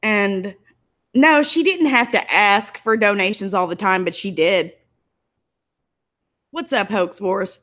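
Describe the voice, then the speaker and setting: A woman's voice: mid-range voice, slow, long pauses, a bit bright. A woman YouTuber giving an angry, emotional commentary, tearful and indignant as she talks. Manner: emotional, indignant, close to tears.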